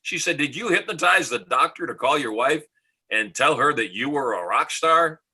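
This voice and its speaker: As a podcast guest, a middle-aged American motivational speaker tells a story confidently and performs the dialogue. His voice sits on the high side, animated at normal speed, pushed and bright with a breathy edge, over a rough recording.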